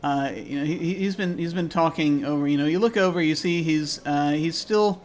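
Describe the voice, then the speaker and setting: A man narrating a tabletop game as game master over a video call, halting and full of fillers and restarts. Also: fairly high pitch, a little mellow.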